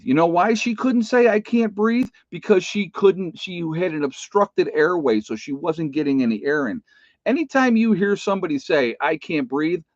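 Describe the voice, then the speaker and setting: A man's voice: fairly high pitch, no room sound. Middle-aged male nurse, casual and emphatic, dry close lo-fi take. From United States. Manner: emphatic, repeats "okay?" and "folks". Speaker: nurse giving preparedness advice. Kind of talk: casual chat to viewers.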